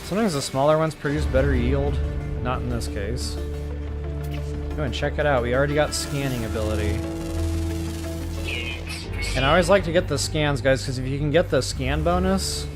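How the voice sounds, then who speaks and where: A man talking to his viewers in a relaxed, chatty way while he plays a game live. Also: medium pitch, moderate pace, pauses often, over music. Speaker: game streamer. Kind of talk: live gameplay commentary.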